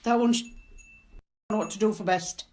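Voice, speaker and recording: A frightened woman, filming herself alone in a dark house at night, pleading and swearing under her breath. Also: mid-range voice, fairly quick, a little hiss or hum. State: scared. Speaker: cleaner alone in a supposedly haunted house. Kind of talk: filming herself, talking to viewers and to a ghost.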